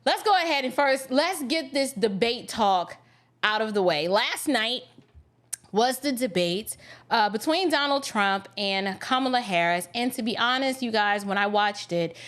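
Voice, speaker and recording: A woman's voice: a little high, animated, a little slow, fairly bright tone. A woman hosting a podcast livestream, talking casually and greeting viewers by name as she chats. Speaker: podcast host.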